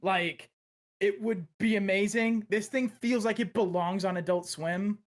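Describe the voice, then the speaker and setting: High-voiced man gushing profanely. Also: fairly even intonation, unhurried. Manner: enthusiastic, profane, rambling. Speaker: podcast co-host. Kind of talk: casual chat.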